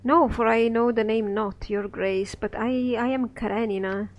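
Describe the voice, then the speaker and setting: A man's voice: high-pitched, steady tone, normal speed, highs cut off, close to an everyday voice. A man reading a scripted play aloud, voicing a lost, naive young woman who speaks in earnest, pleading verse.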